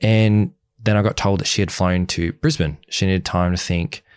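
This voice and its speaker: A young man, a podcast guest, telling his story candidly and quickly, acting out the back-and-forth of past conversations. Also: sits low, clear, resonant tone, dry recording. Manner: fast, animated retelling, acts out quoted exchanges. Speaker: podcast guest, former reality show groom.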